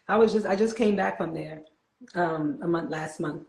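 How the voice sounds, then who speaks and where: A woman's voice: on the low side, moderate pace, creaky, noisy background. Laughing New York woman, roomy sound. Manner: laughs easily, playful, reflective. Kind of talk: casual spiritual conversation.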